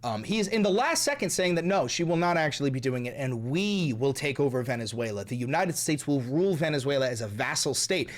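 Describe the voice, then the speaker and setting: A man's voice: medium pitch, animated, brisk, few pauses. A man hosting angry political commentary, talking in a heated, profane and sarcastic way.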